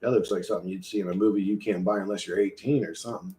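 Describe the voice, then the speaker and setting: A man's voice: deep voice, steady tone, racing, mellow. A man streaming live, chatting casually and rambling with lots of swearing and laughter. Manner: rambling, profane, laughs often. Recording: echoey room.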